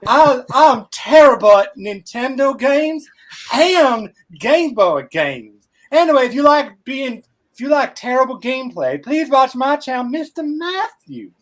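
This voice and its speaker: A man doing a goofy, exaggerated impression of a male YouTuber, pitched up and loud with a mocking drawl. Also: very animated, unhurried, full character voice.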